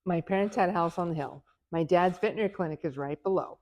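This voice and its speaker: A middle-aged woman, an author being interviewed, telling family stories in an animated way, laughing often and acting out the voices of the people in them. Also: on the low side, fast talker. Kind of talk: animated storytelling.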